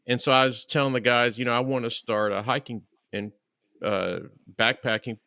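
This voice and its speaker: Casting: male podcast host, bright, punchy voice, dry close mic, chatty storyteller. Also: medium pitch, moderate pace, no echo. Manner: chatty, animated storyteller acting out quotes. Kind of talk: casual interview chat.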